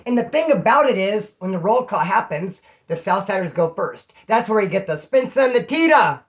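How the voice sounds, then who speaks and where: A man from California with a slightly hoarse voice, casually telling rambling stories to his channel's viewers. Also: high voice, sing-song, moderate pace. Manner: slangy, rambling, calls listeners homeboy. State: throat issue, slightly hoarse. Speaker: vlogger. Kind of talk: casual storytelling to camera.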